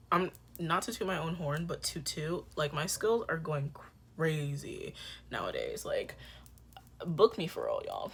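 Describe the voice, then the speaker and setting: A young beauty vlogger chats casually through a makeup tutorial, joking with her viewers and now and then dropping into soft whispers. Her voice is low and slightly rough.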